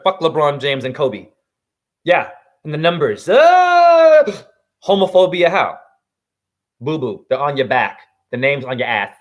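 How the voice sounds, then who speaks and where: A man delivering a heated, profane spiritual monologue that swings between loud outbursts and hushed asides. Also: fairly high pitch. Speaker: spiritual vlogger.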